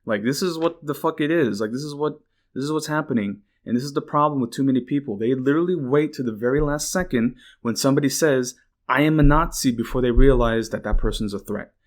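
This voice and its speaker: A man's voice: medium pitch, fast talker. A man hosting a podcast, giving casual political commentary in a rambling, indignant way, swearing freely and filling his talk with "like". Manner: indignant, bursts out in exclaims. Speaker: podcast host.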